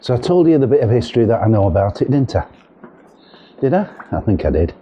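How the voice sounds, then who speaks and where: A fast-talking, very animated middle-aged man with a medium-pitched voice vlogs on foot through windy steps and narrow yards. His talk is casual, chatty and joking, full of rambling ums, picked up by his camera's windshield-equipped mic.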